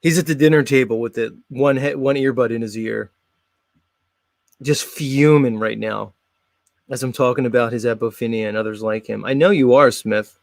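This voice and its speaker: A man's voice: medium pitch, fairly even intonation, a little fast, creaky, no echo, clean studio sound. A man hosting a show in a casual, mocking, blunt comedic rant. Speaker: host.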